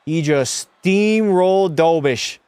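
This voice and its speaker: A man's voice: fairly high pitch, takes it slowly, clean tone, no room sound. Chatty young man calling a hockey game. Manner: excitable, chatty, answers chat, mock French-Canadian outbursts. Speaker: streamer and game commentator. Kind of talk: casual live-stream play-by-play commentary.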